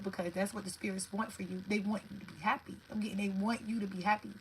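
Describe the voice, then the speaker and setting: A woman's voice: mid-range voice, fast talker, few pauses, slight background noise, rough recording. Profane, blunt woman tarot reader. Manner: blunt, profane, animated, talks to viewers directly. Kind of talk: live tarot reading, casual monologue.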